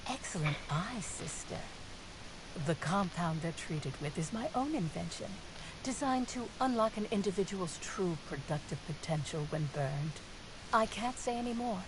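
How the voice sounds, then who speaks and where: A woman's voice: fairly low pitch, lively intonation, normal speed, natural voice. An actress voicing a scheming, theatrical female cult leader in a video game, with a grandiose delivery. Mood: smug. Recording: game audio with clear background noise.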